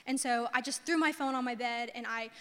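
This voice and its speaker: A woman's voice: fairly high pitch, brisk, sharp tone, big-room sound. A young woman pastor telling a story in a sermon, chatty and casual, full of fillers, acting out the people in her story.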